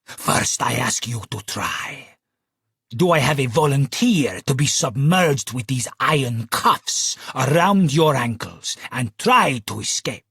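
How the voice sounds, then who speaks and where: Casting: male narrator doing a showy Italian escape artist, loud, drawn-out, husky edge. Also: expressive, no room sound, studio quality, heavily acted. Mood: booming showman. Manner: booming, slow showman delivery. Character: boastful Italian stage escape artist man. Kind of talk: audiobook character voice.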